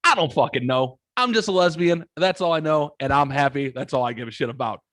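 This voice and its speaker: A woman's voice: low-pitched, lively intonation, brisk. A man imitating a blunt young woman who swears freely and shrugs off questions. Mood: exasperated.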